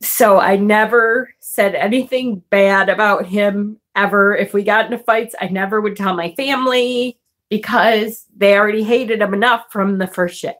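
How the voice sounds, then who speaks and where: A woman's voice: medium pitch, normal speed. A woman vlogger telling a personal story in a casual, chatty way, swearing and laughing often.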